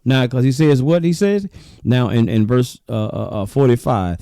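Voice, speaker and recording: A man teaching in a sermon style, animated and repetitive, calling his listeners brothers and sisters. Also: medium pitch, moderate pace, no room sound. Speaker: religious teacher.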